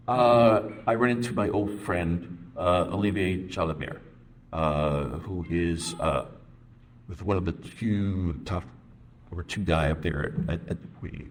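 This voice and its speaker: A middle-aged man answering a panel question at length, in an animated, rambling way with quoted voices. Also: low-pitched, a little hiss or hum. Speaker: comics panelist.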